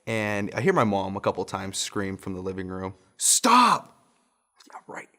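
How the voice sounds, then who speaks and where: A young male pastor with a fairly low voice tells a story from his childhood in a relaxed, conversational sermon. He laughs at his own tale now and then. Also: a little fast. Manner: chuckles often while telling a story.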